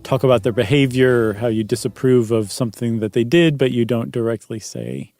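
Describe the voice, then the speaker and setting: A man's voice: mid-range voice, expressive, brisk, darkish tone, no room sound, soft background music. A man hosting a podcast in casual chat, explaining things at length and chuckling often. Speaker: podcast host.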